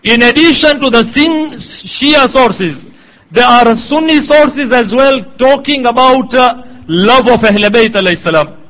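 A middle-aged man preaching a sermon in a measured, emphatic way, quoting Arabic passages. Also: extremely high pitch, fairly bright tone, low-quality recording.

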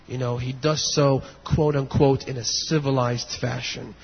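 A male preacher delivering a sermon, moving between hushed storytelling and impassioned near-shouting, with a husky voice. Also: medium pitch, fairly even intonation, unhurried. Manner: impassioned, builds to near shouts and weeping intensity. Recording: dull lo-fi audio in a long-reverb hall.

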